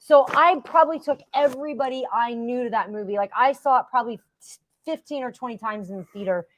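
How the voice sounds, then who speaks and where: Candid woman co-hosting, higher voice. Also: quick pace, no echo, muffled recording. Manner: conversational, candid storytelling. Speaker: co-host. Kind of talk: live interview chat.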